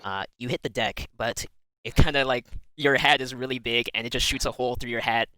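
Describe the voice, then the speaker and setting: A man's voice: medium pitch, steady tone, a little fast, pushed and bright, smooth, dry recording, poor audio. A man narrating as game master in a tabletop role-playing game, laid-back and laughing often.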